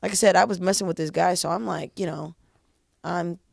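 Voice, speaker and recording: Comedian guest, American woman in her twenties, gravelly, halting storyteller, dry close mic. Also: fairly low pitch, fairly even intonation, no echo. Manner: hesitant storytelling with many fillers. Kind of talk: casual chat, storytelling.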